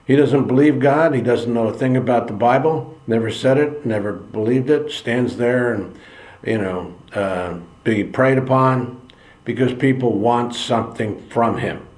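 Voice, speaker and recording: A man's voice: medium pitch, measured pace, darkish tone. A man giving an earnest opinion monologue, preachy and repeating phrases for emphasis. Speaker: political commentary channel host. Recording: echoey room.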